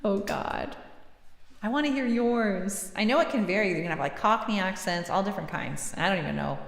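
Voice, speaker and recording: A woman's voice: medium pitch, a little fast, gravelly, reverberant, in a large hall, slight background noise. A woman hosting a music livestream, chatting casually with viewers in a self-deprecating way and laughing easily.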